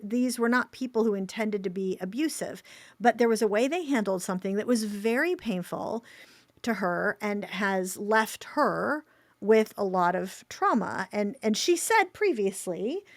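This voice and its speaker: A woman's voice: medium pitch, no room sound. A middle-aged woman co-hosting a podcast, telling a story earnestly and relaying what a friend said. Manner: earnest, retells a friend's words with feeling. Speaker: podcast co-host. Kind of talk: conversational storytelling.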